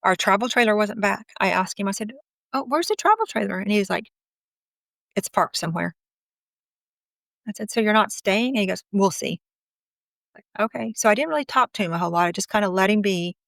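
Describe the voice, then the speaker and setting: A woman's voice: medium pitch, a little fast, vocal fry, pauses often, no echo. Middle-aged woman, candid and chatty storyteller, acts out quotes, dry close sound. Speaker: guest telling her story. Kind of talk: personal storytelling.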